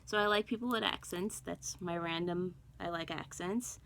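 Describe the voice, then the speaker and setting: A woman's voice: on the low side, normal speed, gravelly, fairly bright tone, a little hiss or hum, low-quality recording. A middle-aged woman, born in Guyana and raised in Brooklyn, chatting casually to camera with lots of ums and asides. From born in Guyana, raised in Brooklyn, New York. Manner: chatty, rambling with many ums and self-talk. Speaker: cross stitch vlogger.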